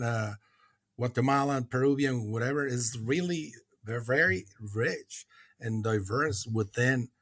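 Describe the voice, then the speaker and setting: This is a middle-aged man from Mexico talking as a guest on a recovery podcast. His voice is husky and sits in an ordinary male range. He speaks earnestly and reflectively, often pausing on hesitant uh's and restarting his sentences, in a dry, close recording. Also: medium pitch, no room sound.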